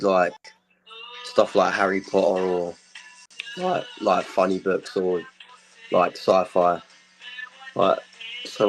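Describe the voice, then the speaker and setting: Deep-voiced teenage boy rambling on call. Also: low-quality recording. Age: teens. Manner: mumbling, filler-heavy. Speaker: chat stranger. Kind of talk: casual chat.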